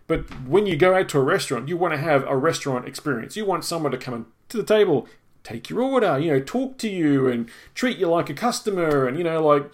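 Storytelling in a casual rant, a middle-aged man co-hosting a podcast airs a long, exasperated, profanity-filled complaint. He sounds a little high and expressive, speaking at a quick pace.

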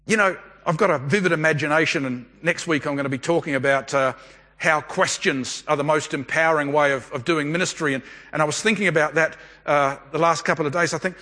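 A high-voiced, bright-toned middle-aged man preaches to his congregation. His voice is slightly husky and carries a long hall reverb. He talks earnestly and conversationally, often posing questions. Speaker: pastor. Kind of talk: sermon.

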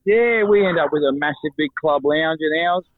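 A man's voice: a little high, normal speed. An Australian man from Brisbane calling in on the phone from the road, laid-back and matey. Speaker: caller. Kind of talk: phone-in chat. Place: on the road in his car. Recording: tinny phone line.

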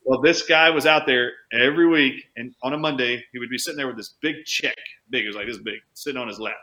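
A man who works as a chiropractor, telling an animated story as an interview guest, changing his pace for emphasis. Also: mid-range voice. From United States. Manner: animated anecdote-teller, speeds up and slows down for emphasis. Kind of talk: conversational storytelling.

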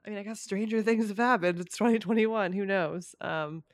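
A woman's voice: medium pitch, normal speed, dry recording. A young woman in a casual conversation about current events, hesitant with many ums and small laughs.

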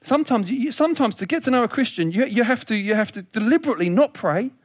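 A man preaching a sermon in a lively, humorous way, laughing often and repeating words as he goes. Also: extremely high pitch, quick pace, no room sound, studio quality.

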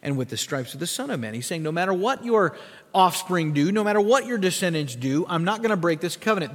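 A man preaching in a church sanctuary, his voice pitched high for a man. He builds from quiet, low phrases to loud emphatic peaks and calls on the congregation to repeat words. A long reverb from the big hall trails each line. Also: big pitch swings, a little fast. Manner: asks the congregation to repeat words and follow in their Bibles. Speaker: pastor. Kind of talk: sermon.

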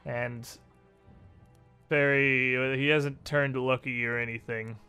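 A man's voice: medium pitch, fairly even intonation, unhurried, pushed and bright, clear, resonant tone, faint music behind. A man narrating a tabletop game as game master, with dramatic, lingering narration.

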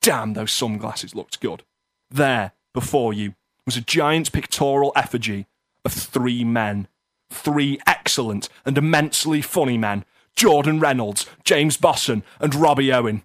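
A man co-hosting a comedy radio show, narrating a mock-epic intro and bantering with deadpan playfulness. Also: medium pitch, unhurried, no echo. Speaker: podcast co-host and narrator. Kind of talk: comic scripted narration and banter.

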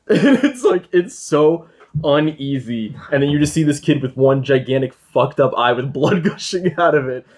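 A man's voice: fairly high pitch, expressive, moderate pace, darkish tone. A young man hosting a podcast, retelling a film plot in casual chat, swearing and laughing often. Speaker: podcast host.

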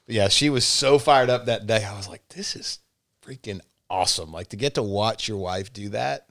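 A man guest in a podcast interview, telling a story in an animated way and repeating "like" often. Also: fairly low pitch, a little fast, creaky. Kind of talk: casual conversational storytelling.

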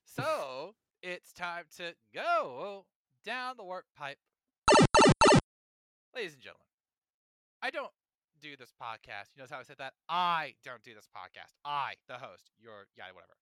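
A young man hosting a casual podcast, ranting in a playful, animated way. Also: on the high side, unhurried, long pauses, a crowd in the background. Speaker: podcast host.

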